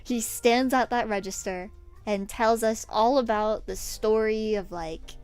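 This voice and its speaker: A young woman streaming, telling a story in casual chat, animated, swearing freely and laughing often. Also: a little high, unhurried, clear, resonant tone, faint music behind.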